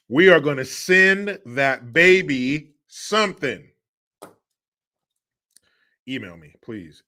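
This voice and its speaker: A male livestream host with a bright, forceful voice. He reads viewer donations in a loose, chatty way and answers them with sarcastic jokes. He laughs often. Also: medium pitch. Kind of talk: casual livestream chat.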